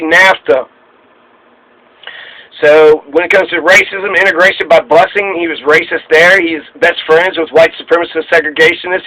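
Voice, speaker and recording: High, bright-voiced sarcastic male commentator. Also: rough recording. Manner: sarcastic, rambling, lists complaints. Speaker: political commentator. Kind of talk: off-the-cuff political monologue.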